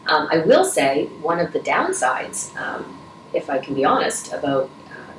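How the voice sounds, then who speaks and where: This interview guest, a middle-aged woman who is a Rotary vice president, has a low-pitched voice and a very animated, unhurried way of speaking. Her answers are earnest and emotional, full of restarts, and she chokes up at times. The mic is distant, the room echoey, and there's faint noise.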